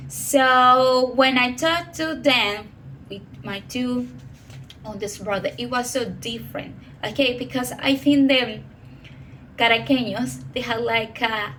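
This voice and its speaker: A woman in her twenties with a Venezuelan Spanish accent, a native Spanish speaker who talks about herself in halting English and often says "okay". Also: fairly high pitch, a bit bright, a little hiss or hum, rough recording. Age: 20s. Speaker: professor. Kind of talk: personal monologue.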